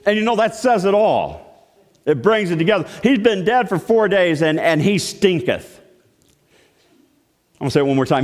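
Animated man preaching in a reverberant hall. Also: a little high, moderate pace. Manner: storytelling, animated, shifts between hushed and loud. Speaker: pastor. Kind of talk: sermon.

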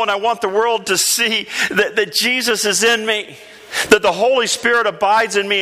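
A man's voice: high-pitched, pushed and bright. A pastor preaching a sermon to his church, emphatic, repeating phrases and putting questions to the congregation. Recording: reverberant church hall.

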